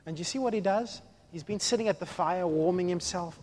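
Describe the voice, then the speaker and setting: A man preaching a sermon in an animated way, acting out the voices of the people in the story. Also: high voice, fairly quick, a little hiss or hum.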